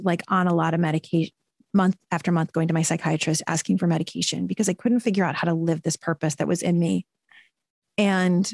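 A woman in her forties, a podcast guest, telling a personal story in an earnest, animated way with quick bursts. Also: fairly low pitch, gravelly, no echo, clean studio sound. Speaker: podcast guest, purpose coach. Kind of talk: conversational storytelling.

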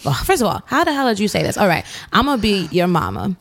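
A woman's voice: medium pitch, sing-song, quick pace, creaky. A woman hosting a casual interview, chatty and playful with loose swearing. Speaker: interviewer host.

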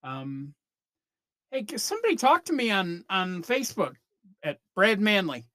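A man's voice: sits high, very animated, moderate pace, bright, forceful tone. A man hosts his comedy podcast with a rambling rant full of restarts and exaggerated impressions. He talks into a close mic. The sound is dry, with no room echo at all. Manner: rambling, self-interrupting rant with mock voices. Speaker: podcast host. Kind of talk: comedic monologue.

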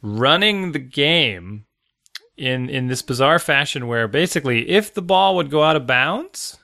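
A man's voice: medium pitch, animated, measured pace, vocal fry, bright, forceful tone, no room sound, studio quality. A man who coaches youth soccer, chatting casually in a wry, rambling, joking way. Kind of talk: casual chat.

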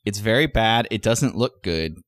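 Animated, dry-sounding podcast guy. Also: lowish voice, dry recording. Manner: quick teasing banter, incredulous questions. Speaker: podcast co-host. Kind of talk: casual comedic podcast chat.

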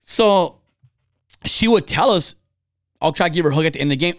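A man in his thirties talks bluntly and swears freely, his fairly high voice swinging up and down as he acts out the people in his stories. The recording is close and dry, with no room sound. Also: brisk, pauses often, no room sound. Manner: blunt, profane, animated storytelling; acts out quoted people with big pitch jumps. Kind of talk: casual chat.

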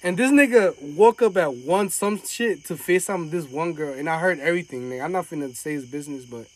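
Earnest, rambling young guy, slightly high pitch, casual slang. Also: a little fast, no room sound, poor audio. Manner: earnest storyteller, lots of fillers and slang. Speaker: friend in a casual group chat. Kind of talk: casual chat. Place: outdoors at night.

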